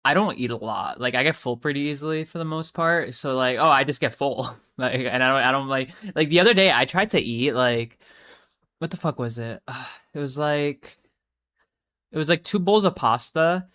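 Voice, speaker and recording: At a moderate pace and with a pushed, bright tone, a tired young streamer rambles to a live audience while reading chat. Mid-pitched and casual, they swear freely and keep cutting off sentences to start over.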